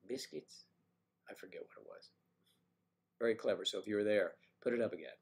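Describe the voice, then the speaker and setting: With a low-pitched, creaky voice, a mid-Atlantic American man hosts a laid-back livestream chat. He rambles along playfully, experimenting with other accents.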